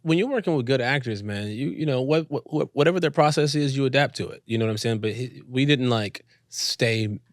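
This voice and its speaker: A man in his thirties, a guest actor chatting casually and telling lively stories. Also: medium pitch, brisk, few pauses, no echo, clean studio sound. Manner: animated storyteller, mimics voices, laughs often. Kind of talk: casual interview chat.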